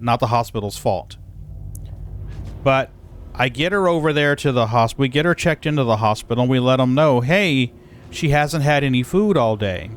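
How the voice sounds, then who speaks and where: A man's voice: mid-range voice, fairly bright tone, a little hiss or hum. A man livestreaming casual chat while hauling cargo, telling a story in an exasperated, profane way. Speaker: live streamer. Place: in a moving vehicle.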